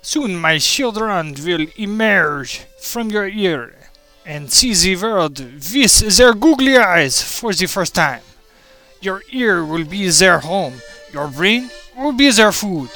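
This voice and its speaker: A man's voice: high-pitched, animated, takes it slowly, sharp tone, faint music behind, full character voice. A man playing a vengeful male spider with a mock French accent, in a melodramatic comic monologue. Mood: triumphant. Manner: melodramatic, villainous, theatrical. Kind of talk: comedic monologue.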